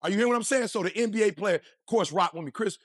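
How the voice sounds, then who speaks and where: Guy hyping up a crowd, high voice, lots of slang and y'all, dry close sound. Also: fast talker, no room sound. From Detroit, USA. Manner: energetic, preachy, slang-heavy, addresses the crowd directly. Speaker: motivational speaker. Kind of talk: motivational speech.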